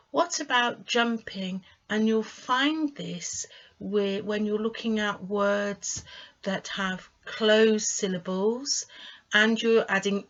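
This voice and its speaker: Slow, encouraging woman tutor. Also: mid-range voice, fairly bright tone. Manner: clear, encouraging, sounds out syllables slowly. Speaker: English pronunciation tutor. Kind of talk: teaching phonics lesson to camera. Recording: slightly dull lo-fi sound.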